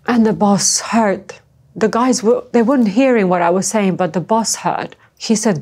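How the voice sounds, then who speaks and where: A woman from former Yugoslavia speaks as an interviewee, her voice sitting at an ordinary middle pitch. She talks in halting, emotional stretches. She stumbles and repeats words as she goes. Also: darkish tone, breathy edge. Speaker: interviewee, trafficking survivor. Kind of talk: personal testimony in an interview.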